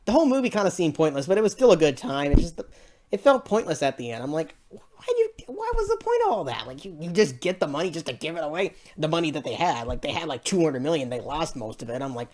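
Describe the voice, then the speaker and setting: A woman with a low voice that still swings widely up and down as she reviews a movie. She rambles through her complaints and sounds exasperated, breaking into laughter often. It comes across as a casual, unscripted review. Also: lively intonation, fast talker, darkish tone.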